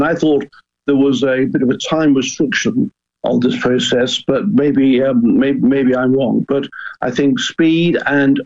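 A man's voice: medium pitch, vocal fry, muffled recording. An older man speaking earnestly as a radio interview guest, stopping and restarting often. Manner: earnest, halting with many restarts. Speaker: guest, former club chairman.

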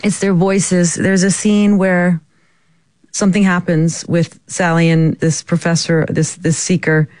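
Woman guest chatting, quick stories, lots of laughs, dry close sound. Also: on the low side, no room sound. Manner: animated, laughs often, quick storytelling. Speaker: guest actress. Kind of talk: casual interview chat.

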